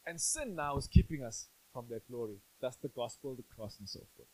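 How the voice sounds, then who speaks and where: A man's voice: mid-range voice, expressive, a little fast, a little mellow, low-quality recording. A male pastor giving a sermon in a church, conversational and playful, often asking the congregation questions.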